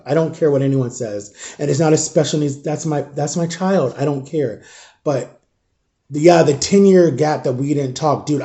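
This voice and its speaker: Grieving man with a very dark voice. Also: medium pitch. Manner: halting and raw, often dropping to a near whisper. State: grieving, shaken. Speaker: vlogger. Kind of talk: emotional storytime vlog.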